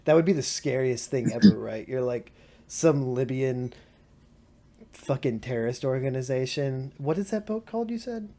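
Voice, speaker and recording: A man co-hosting a casual podcast chat, loud and often laughing, swearing and acting out silly quotes. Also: mid-range voice, animated, normal speed. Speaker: podcast co-host.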